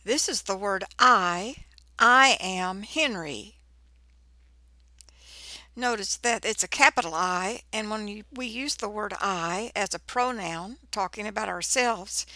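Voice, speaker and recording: A woman teaching a phonics lesson to children, sounding out words slowly and clearly. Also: medium pitch, sharp tone, no echo. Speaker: reading teacher.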